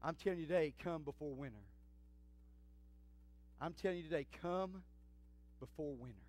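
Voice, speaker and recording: A middle-aged pastor preaching a sermon in a church, swinging from shouts to near whispers in folksy talk. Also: male voice, fairly high pitch, normal speed. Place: church sanctuary.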